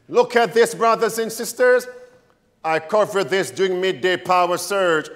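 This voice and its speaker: A preacher delivering a sermon in a high, swooping voice that rises and falls widely. He speaks slowly and with emphasis, pushing rhetorical questions at his listeners. His words ring through a long hall reverb. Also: animated, fairly bright tone.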